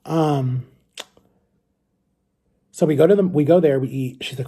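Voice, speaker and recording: Male vlogger, dark and breathy tone, loose rambling storyteller talking to the camera. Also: medium pitch, moderate pace. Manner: rambling, chatty, often addresses viewers as guys. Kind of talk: casual storytelling to viewers.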